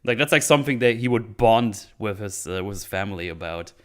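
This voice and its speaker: Low, smooth-voiced man chatting about a movie. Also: expressive. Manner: laughs often, acts out scenes in quick silly voices. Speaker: podcast host. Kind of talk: casual movie-review chat.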